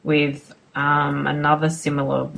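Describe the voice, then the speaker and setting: An interviewer, speaking hesitantly with many pauses and restarts. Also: mid-range voice, completely flat delivery, vocal fry, a bit bright. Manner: hesitant, lots of ums and restarts. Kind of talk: conversational interview.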